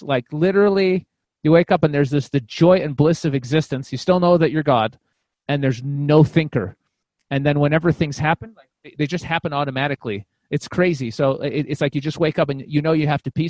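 Fast-talking man telling a candid story. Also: a little high, no echo. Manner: animated, repeats words and restarts, swears casually. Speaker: comedian and podcast guest.

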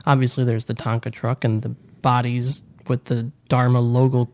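A man's voice: medium pitch, level tone, normal speed. Enthusiastic, jokey podcast co-host man. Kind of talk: casual chat.

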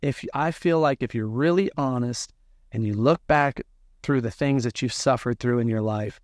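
A man telling his own story in an interview, animated and acting out the dialogue he quotes. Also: medium pitch, normal speed, dry recording, studio quality. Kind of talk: conversational storytelling.

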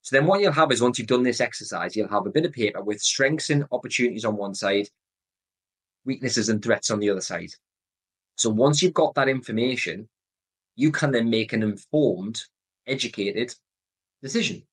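A man with a Geordie accent, from North East England, hosts his own podcast and explains a decision method in an earnest coaching manner, restating the key points. His medium-pitched, slightly rough voice moves at a moderate pace, and the recording is rough.

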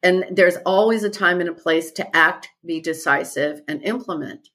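Husky low-voiced woman, reflective. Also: moderate pace, fairly bright tone. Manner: earnest, thoughtful, repeats key phrases. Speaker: retreat leader and guest. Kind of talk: reflective podcast conversation.

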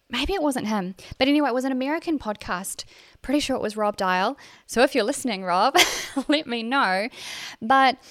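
A woman's voice: fairly high pitch, no room sound, clean studio sound. A woman with a New Zealand accent hosting a solo podcast, chatty and self-deprecating, with fillers and restarts. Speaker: podcast host.

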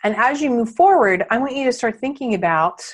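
A woman's voice: fairly high pitch, animated, brisk, breathy edge. A woman hosting a motivational podcast, talking casually with lots of fillers and acting out quoted thoughts. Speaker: podcast host and coach.

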